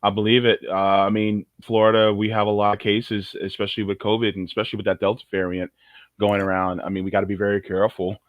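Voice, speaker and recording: A man's voice: fairly low pitch, little pitch movement, fast talker, no room sound. Rambling jokey man on a livestream. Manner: rambling and jokey, with many restarts. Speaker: co-host. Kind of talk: casual livestream chat. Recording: muffled lo-fi audio.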